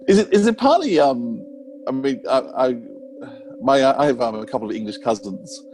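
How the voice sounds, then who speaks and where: A man's voice: mid-range voice, animated, moderate pace, a little mellow, faint music behind, poor audio. An Australian man with an Australian accent, hosting a podcast and asking hesitant, stumbling questions. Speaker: podcast host. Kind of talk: casual interview questions.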